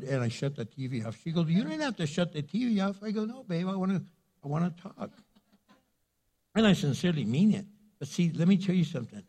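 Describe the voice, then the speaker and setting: A middle-aged man, preaching a sermon and acting out everyday conversations, building to loud emphasis. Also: fairly high pitch. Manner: animated, acts out quoted voices, builds to loud emphasis. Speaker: pastor.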